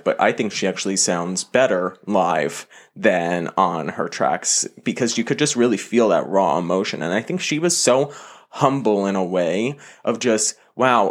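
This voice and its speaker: A man co-hosting a pop culture podcast, telling stories in a lively, casual way. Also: on the low side. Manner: animated storytelling. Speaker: podcast co-host. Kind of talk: casual chat.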